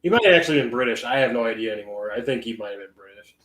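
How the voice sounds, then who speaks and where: A man's voice: medium pitch, expressive, very fast, a bit bright, echoey room. A man co-hosting a podcast in casual chat, rambling with many fillers and restarts. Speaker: podcast co-host.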